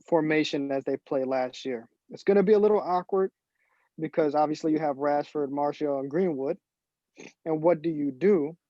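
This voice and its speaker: A man's voice: on the high side, mellow, dry recording, muffled recording. A man co-hosting a casual sports podcast, thinking aloud and breaking down tactics with many restarts. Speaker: podcast co-host.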